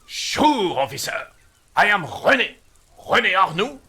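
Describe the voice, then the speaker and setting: A woman's voice: medium pitch, big pitch swings, measured pace, sharp tone, breathy edge, full character voice. A woman voicing a proud, polite old Frenchman in an exaggerated mock French accent, speaking stiffly and formally. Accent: put-on mock French.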